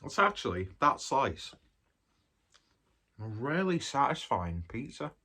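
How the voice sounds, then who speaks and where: Man, husky voice, casual food review, chatty and rambling, eating while talking. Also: medium pitch, big pitch swings, slow, bright, forceful tone.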